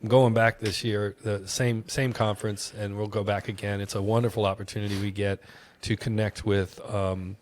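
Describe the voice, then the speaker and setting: In a casual interview-style podcast chat, a man with a fairly low voice recounts a travel story at a normal pace. He's an animated storyteller, full of energy and laughing often.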